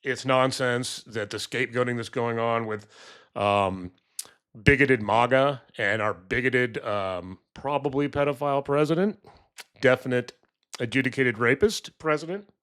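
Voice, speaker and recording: Rambling male vlogger, middle-pitched. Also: a little slow, a bit bright, clean tone. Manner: rambling, many fillers and restarts, acts out quoted voices. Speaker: political commentary vlogger. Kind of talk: casual monologue, storytelling.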